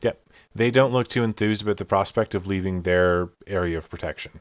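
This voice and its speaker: Man, game master, low-ish voice, loose narration with fillers, dull lo-fi sound. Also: fairly quick, no room sound. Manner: describes scenes at length, with frequent fillers. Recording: dull lo-fi audio.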